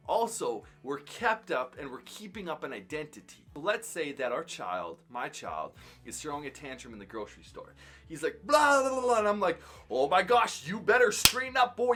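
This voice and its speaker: A man's voice: a little high, bright, forceful tone. A young man and father talking earnestly and emphatically to camera, reflecting on his own parenting.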